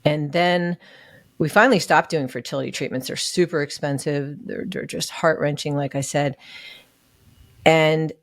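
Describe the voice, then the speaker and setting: Low-voiced woman telling a personal story. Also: steady tone, moderate pace, dry recording. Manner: earnest, emotional, acts out what others said. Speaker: podcast guest. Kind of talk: candid personal story in an interview.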